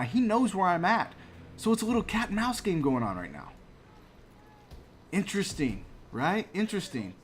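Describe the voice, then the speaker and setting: A man's voice: fairly high pitch, a bit bright, slight background noise. A man in his late thirties giving chatty, motivational commentary while playing a video game. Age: 30s. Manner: chatty, motivational, laughs at himself. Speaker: gaming channel host. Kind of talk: casual gameplay commentary.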